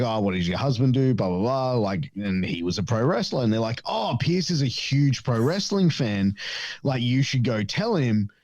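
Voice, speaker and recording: A man's voice: lowish voice, darkish tone, no room sound, muffled recording. A man telling stories in casual chat as a podcast guest, swearing often and filling his talk with likes and you-knows. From Australia. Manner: rambling, profane, many fillers, acts out voices in stories.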